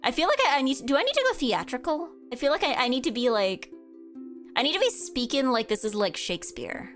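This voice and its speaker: A woman's voice: sits high, very animated, quick pace. A woman streamer chatting playfully and self-mockingly while playing a video game. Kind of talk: let's-play commentary. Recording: faint game music behind.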